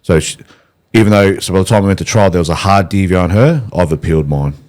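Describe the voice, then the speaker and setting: A man's voice: sits low, fast talker, darkish tone. An Australian man hosting a podcast, telling his own story in a rambling, hesitant way. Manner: rambling, hesitant, full of restarts. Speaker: podcast host. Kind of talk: casual conversation.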